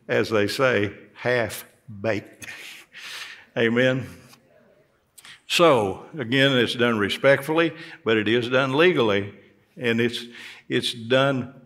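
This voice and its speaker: Gravelly preaching pastor. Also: male voice, medium pitch, fairly bright tone. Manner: folksy preaching, rising emphatically on key words. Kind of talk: sermon. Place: church sanctuary.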